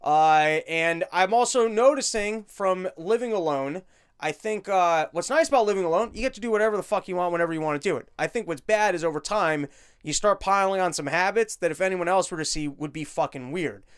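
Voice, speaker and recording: High-voiced, profane ranting man. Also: clear, resonant tone. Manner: profane, sarcastic, fast-talking. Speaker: podcast host. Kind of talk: casual political rant.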